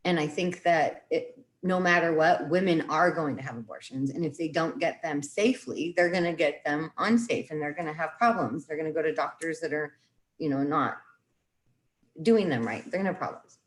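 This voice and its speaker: A woman's voice: sits low, moderate pace. A woman in casual conversation, rambling and self-interrupting as she talks through her views and quotes her own past reactions. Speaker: guest.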